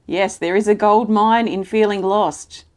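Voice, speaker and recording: A woman hosting a live healing stream, reading out viewers' comments and answering them in a gentle, soothing, reassuring way. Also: medium pitch, fairly even intonation, unhurried. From Australia.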